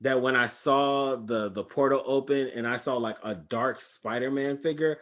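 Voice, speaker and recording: A man co-hosting a podcast, telling an excited story in casual chat. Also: mid-range voice, moderate pace. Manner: animated storytelling, shouts and laughs when excited. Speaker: podcast co-host.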